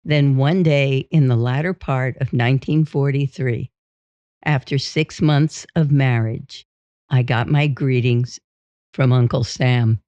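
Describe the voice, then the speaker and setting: A woman reads a memoir in the first person, slow and steady. The recording is dull and dry, with no room sound. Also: a bass voice, dry recording. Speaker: audiobook reader. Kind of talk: memoir reading.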